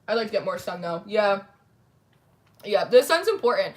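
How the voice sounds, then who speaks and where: A woman's voice: mid-range voice, a little slow, pauses often, a bit bright. Chatty woman hosting a livestream. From New Jersey, USA. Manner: chatty, says "like" a lot. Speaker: tarot livestream host. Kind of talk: casual chat reading live comments.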